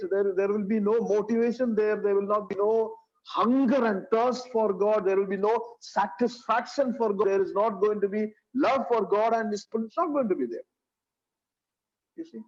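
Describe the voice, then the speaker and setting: A man's voice: sits high, darkish tone. A man teaching a Bible study, earnest, repeating phrases and saying "you know" often. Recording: dull lo-fi sound.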